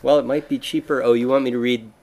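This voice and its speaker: A man co-hosts a casual podcast with a playful, teasing manner and an easy habit of poking fun at himself. His voice sits at an ordinary middle pitch. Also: little pitch movement, fast talker, darkish tone. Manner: playful, teasing, self-mocking. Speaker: podcast co-host. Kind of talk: casual bantering chat.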